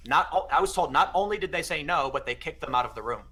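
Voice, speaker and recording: A man with a bright, forceful voice rattles through a story at a quick clip, acting out each exchange as he goes. The talk is loose and conversational. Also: on the high side, husky. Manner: fast, animated anecdote-telling with quoted exchanges. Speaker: podcast guest. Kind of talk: casual storytelling chat.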